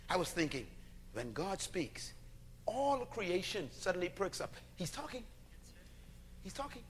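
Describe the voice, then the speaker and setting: High, lively male preacher. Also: a little hiss or hum. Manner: animated, emphatic, with bursts of shouting. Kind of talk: call-and-response sermon.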